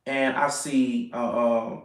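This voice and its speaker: A young man telling a date story in a casual, animated way, repeating phrases and asking "you know what I'm saying". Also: mid-range voice, slow pace, recorded from a distance. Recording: echoey room, off-mic.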